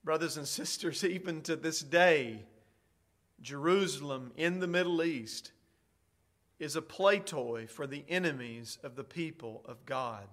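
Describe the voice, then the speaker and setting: A middle-aged male preacher delivering a sermon at an unhurried, deliberate pace. His voice sits a little high for a man, and he leans hard on key words, climbing to loud, ringing declarations before dropping back. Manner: slow, emphatic preaching that rises to loud declarations.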